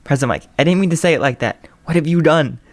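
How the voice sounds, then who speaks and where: Guy putting on a hyped-up radio dj dude, loud and showy, voice jumps up high. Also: quick pace, close to an everyday voice. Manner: showy, exclamatory radio-host delivery. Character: loud upbeat male radio DJ teacher.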